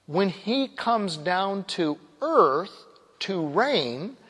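A man preaching with emphatic conviction, stretching key words slowly as he reads scripture aloud. His voice sits a little higher than most men's. It rings out with a long hall reverb. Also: fairly bright tone. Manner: emphatic, slows down on key phrases, quoting scripture. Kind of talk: sermon.

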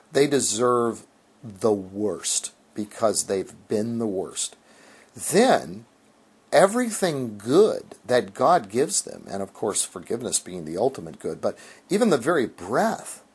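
Male Christian author, conversational and emphatic, husky tone, very lively intonation. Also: lowish voice. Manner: earnest, emphatic, with frequent restarts and fillers. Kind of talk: conversational theological teaching.

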